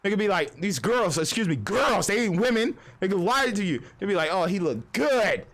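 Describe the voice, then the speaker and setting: A man's voice: high-pitched, lively intonation, a little fast, fairly bright tone. A young adult man streamer in a casual live-stream rant, profane and rambling, often slipping into quoted voices.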